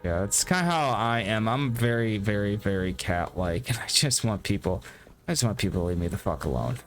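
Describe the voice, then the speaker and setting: A man's voice: on the low side, expressive, brisk, faint music behind. Profane rambling man streaming a game. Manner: profane, rambling and self-deprecating. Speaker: gameplay streamer. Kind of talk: casual gameplay commentary.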